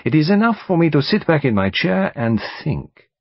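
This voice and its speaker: Guy putting on an old detective, smug and calm, voice bouncing up and down, kinda muffled. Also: on the high side, moderate pace, no echo, voice pushed up. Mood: placid. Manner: precise, placid, courteous. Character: fastidious elderly male detective, calm, self-assured. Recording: dull studio audiobook recording.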